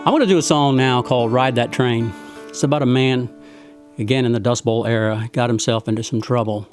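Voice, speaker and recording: A man's voice: medium pitch, brisk, soft background music. A man hosting a virtual house concert, telling the stories behind his songs in a folksy, earnest way with some tongue-in-cheek humor. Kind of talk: spoken song introductions. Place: home, live-streamed concert.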